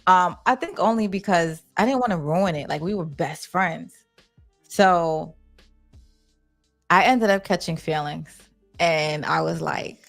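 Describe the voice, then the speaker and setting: A woman's voice: lowish voice, fairly even intonation, unhurried, a bit bright, faint music behind. A young adult woman, hosting a live chat, candid and blunt, reading viewer comments. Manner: candid, blunt, swears casually. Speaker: livestream host.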